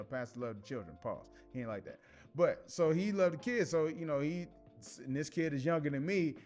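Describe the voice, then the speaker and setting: A man hosting a casual commentary show, telling stories in an animated way with slang and frequent laughs. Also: mid-range voice. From Chicago. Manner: animated, laughs often, many restarts and slang.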